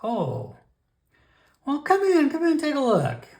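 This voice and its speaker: A man's voice: very high-pitched, wildly swooping pitch, slow, a little mellow, exaggerated voice. Man voicing a pushy merchant alchemist. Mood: coaxing. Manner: wheedling sales patter, calls everyone my friend. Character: pushy male merchant alchemist, chatty salesman.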